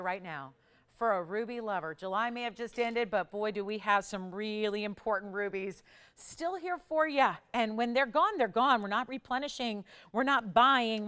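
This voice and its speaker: A woman's voice: on the high side, fairly bright tone, clean tone. A middle-aged woman hosting a live jewelry sales show, bubbly and persuasive, laughing often as she urges viewers to call. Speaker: shopping channel host.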